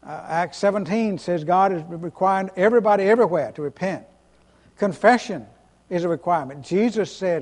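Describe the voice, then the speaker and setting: A man's voice: sits high, moderate pace, a little mellow. A man preaching a sermon as pastor, earnest and emphatic, repeating key phrases and restarting sentences. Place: church sanctuary. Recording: long reverb of a church hall.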